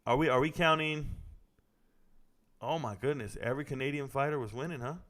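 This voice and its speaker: A man casually commenting live on a fight broadcast, reacting excitedly and talking to his chat. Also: mid-range voice, a little fast.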